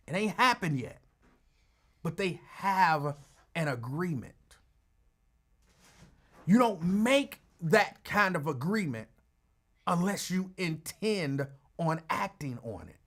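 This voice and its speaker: A man hosts a call-in talk radio show in an easygoing, animated way. His voice sits a bit higher than most men's, and he drifts into quick asides. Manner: animated, conversational, drops into asides.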